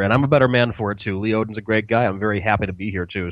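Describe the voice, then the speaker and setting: A quick-talking male guest speaking in a wry, easygoing way. His voice comes through a dull, muffled remote line that is dry and close, with no room echo. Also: fairly low pitch. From United States. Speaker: guest co-host. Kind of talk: casual radio talk.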